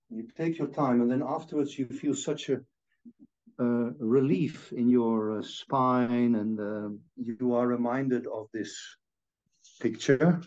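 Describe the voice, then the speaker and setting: Calm man guiding a stretch. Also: medium pitch. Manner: calm, slow step-by-step instructions. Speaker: movement teacher. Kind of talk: guiding a relaxation exercise. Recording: dull lo-fi sound.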